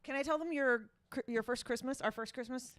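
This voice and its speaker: A woman's voice: sits high, fairly quick, no room sound. A woman co-hosting a casual gaming podcast, telling stories and acting out what people said. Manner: animated storyteller acting out quotes. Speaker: podcast co-host.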